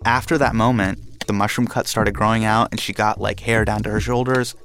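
A young man from India telling a personal story in a lively, animated way, acting out the quotes. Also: on the low side, brisk, a little hiss or hum.

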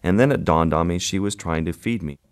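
A man, a wildlife photographer, being interviewed and telling a vivid, unhurried story about his work. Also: low voice, slight background noise.

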